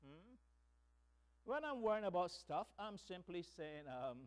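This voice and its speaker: A man preaching a sermon as pastor, slow and emphatic, tossing in rhetorical "hmm?" asides to the congregation. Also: sits high, big pitch swings.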